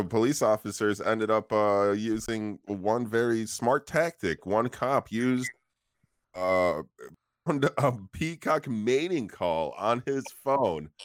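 A man's voice: on the low side, no echo, studio quality. A young man co-hosting a podcast, telling a story casually with lots of swearing, laughing and filler words. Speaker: podcast co-host. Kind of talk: casual crude podcast banter.

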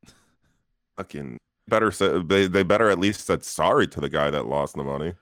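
Low voiced guy cohosting a podcast, laid back, dry close sound. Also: normal speed, a bit bright, no echo. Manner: laid-back, profane banter. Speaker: podcast co-host. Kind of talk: casual chat.

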